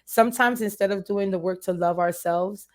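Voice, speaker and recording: A woman's voice: mid-range voice, moderate pace. A woman guest in a candid interview, talking earnestly and emotionally and repeating phrases for emphasis.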